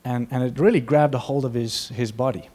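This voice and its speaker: A man's voice: medium pitch, steady tone, brisk, warm tone. Earnest conversational male preacher. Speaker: pastor. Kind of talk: sermon.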